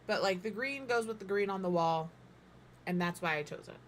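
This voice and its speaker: A woman's voice: mid-range voice, a little fast, slight background noise. A woman in her thirties chatting casually while she builds, thinking aloud and joking at her own expense, sometimes with her mouth full. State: talking while eating. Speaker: game builder streamer.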